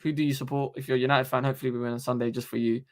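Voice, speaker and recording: A young man, hosting a casual live stream into a desktop microphone and talking in an animated, slangy, sweary way. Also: mid-range voice, racing. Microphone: desktop USB microphone.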